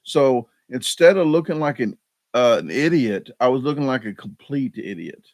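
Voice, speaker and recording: A man's voice: medium pitch, expressive, normal speed, darkish tone, dry recording. A man hosting a casual live stream chat. He rambles, mocks himself, and restarts his sentences often. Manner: rambling, self-deprecating, frequent fillers and restarts.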